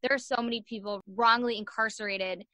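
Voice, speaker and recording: A young woman telling a story as a podcast guest, animated, acting out the voices of the people in it and saying "like" a lot. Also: on the high side, fairly quick, dry recording. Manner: animated, acts out voices in her stories, says "like" a lot. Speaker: guest, sports journalist and podcaster. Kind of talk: casual storytelling in an interview.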